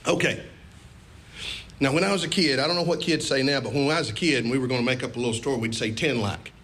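A man preaching an animated storytelling sermon in a church, calling for responses. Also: medium pitch, rapid-fire. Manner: animated, repetitive, call-and-response.

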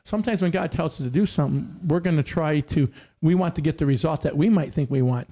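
A man's voice: a little high, quick pace, mellow. A middle-aged man telling faith stories in a casual church panel discussion, often saying amen. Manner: storytelling, frequent amens.

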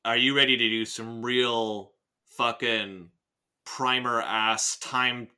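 A man with a mid-range, smooth voice and a sharp tone speaks slowly with fairly even intonation. He hosts a casual podcast where he reads and picks apart a novel, rambling and joking, swearing often and frequently restarting his sentences.

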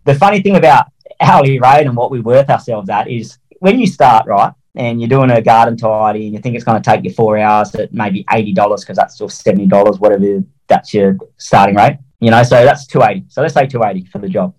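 Fast-talking man, blunt and colloquial. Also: lowish voice, a little mellow, poor audio. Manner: colloquial, swears freely, acts out quotes. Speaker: interview guest, mowing franchisee. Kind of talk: casual storytelling interview.

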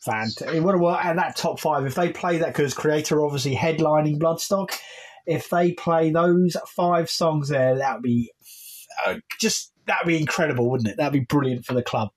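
A man's voice: a little high, normal speed, husky. A man co-hosting a podcast, chatting eagerly and calling his friend mate. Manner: enthusiastic, says "mate" often. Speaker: podcast co-host. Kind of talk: casual chat.

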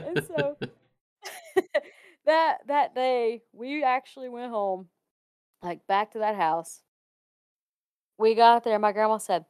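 A woman's voice: on the high side, measured pace, long pauses, smooth, dry recording, clean studio sound. A woman from Ohio casually telling a spooky personal story, laughing often and acting out the people she quotes. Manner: animated, laughs often, acts out quoted voices. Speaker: guest telling a ghost story.

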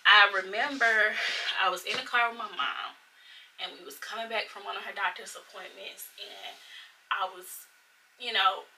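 A woman's voice: mid-range voice, steady tone, moderate pace, pushed and bright, far from the mic, slight background noise, low-quality recording. A woman telling her faith story in a casual chat, earnest and emotional, addressing listeners as y'all and saying like a lot. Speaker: podcast co-host.

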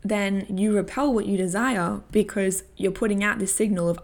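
A woman's voice: medium pitch, steady tone, moderate pace. A young woman vlogger telling a story and giving coaching tips in a candid, casual way, swearing freely and laughing often. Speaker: personal growth vlogger.

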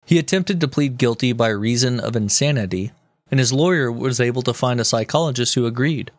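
A man's voice: mid-range voice, a little fast, dry recording. A man co-hosting a comedy history podcast, telling the story in a joking, mock-serious way with casual swearing. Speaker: podcast co-host.

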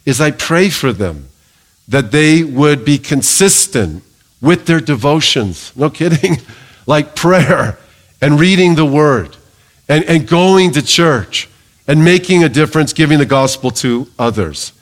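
A middle-aged male pastor preaching a sermon in a lively, joking way, calling for amens from the congregation. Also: a little high, a little slow.

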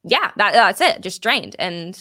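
A woman's voice: mid-range voice, very animated, unhurried, pushed and bright. A woman chatting candidly on a podcast, swearing freely and leaning on "like". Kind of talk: casual chat.

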